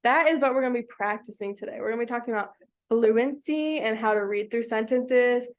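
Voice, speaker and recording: In a brisk, fairly high voice, a woman teaches a small reading group of children. She stays patient and encouraging, asking them lots of questions.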